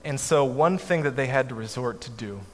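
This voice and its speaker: A man telling a family story to an audience in a measured way, with his voice dropping softly at the ends of lines. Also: medium pitch. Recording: echoey hall, faint background noise.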